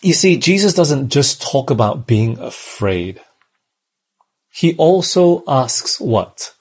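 A man's voice: mid-range voice, very animated, slow pace, breathy edge. A man from Australia, preaching a sermon in a conversational way and often checking in with the listeners. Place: church in Malaysia.

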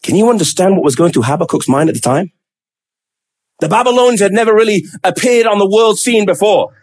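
High-pitched guy preaching a sermon, emphatic, voices the pleas like real questions. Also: animated, fairly quick, darkish tone. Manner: emphatic, acts out quoted pleas with rising intonation.

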